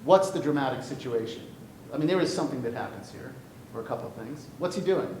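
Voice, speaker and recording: A man teaching a poetry class, animated and playful, often breaking off mid-thought. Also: fast talker. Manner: animated, playful, self-interrupting. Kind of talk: classroom lecture. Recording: echoey classroom with faint rumble.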